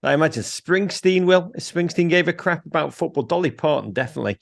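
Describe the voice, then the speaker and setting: Excitable Liverpudlian man, gravelly. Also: fairly high pitch, no echo, clean studio sound. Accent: Liverpool English. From Liverpool, England. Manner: witty, excitable, quick jokes. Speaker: guest. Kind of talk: animated interview chat.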